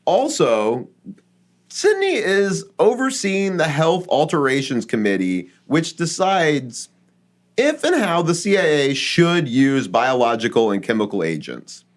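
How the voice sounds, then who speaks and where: Lively man hosting a casual podcast. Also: a little high, measured pace. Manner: lively, researched storytelling with frequent fillers. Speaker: podcast host.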